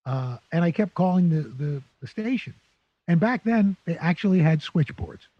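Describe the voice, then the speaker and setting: An older man from New City, a guest telling lively anecdotes in an interview. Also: a little high, moderate pace, no echo, highs cut off. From New York City. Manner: animated anecdotes with playful character voices. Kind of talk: storytelling interview.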